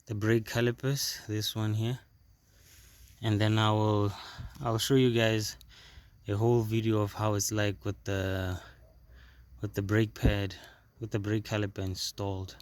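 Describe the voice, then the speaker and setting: A man hosting a casual car repair video, explaining step by step in a halting way and repeating words as he works on a jacked-up car. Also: lowish voice, little pitch movement, clean tone. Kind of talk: casual how-to demonstration.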